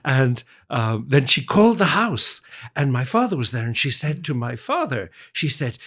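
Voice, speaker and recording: A man from Ireland, a guest pianist, telling childhood stories in an interview with lively quoted voices. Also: mid-range voice, unhurried. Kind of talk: storytelling in an interview.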